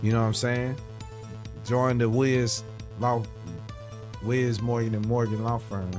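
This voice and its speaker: A man's voice: medium pitch, little pitch movement, unhurried, darkish tone, soft background music. A man reading all the characters of a courtroom game aloud in his own voice, with playful asides and casual commentary. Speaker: gaming YouTuber.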